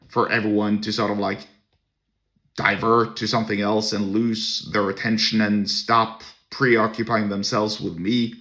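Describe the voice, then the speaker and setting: A man's voice: lowish voice, pushed and bright. A man hosting a podcast, telling a personal story to camera in a blunt, crude and scornful way. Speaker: podcast host.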